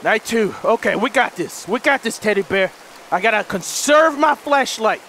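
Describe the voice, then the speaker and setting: A man hosting a horror let's play, frantic and jumpy, shouting and pleading, then muttering low to himself. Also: lively intonation, normal speed, slight background noise. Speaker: gaming channel host.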